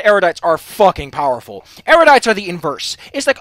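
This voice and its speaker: Animated, profane let's play ranter. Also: mid-range voice, quick pace, few pauses, no echo. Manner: profane, heated, animated ranting. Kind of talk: gaming commentary, ranting.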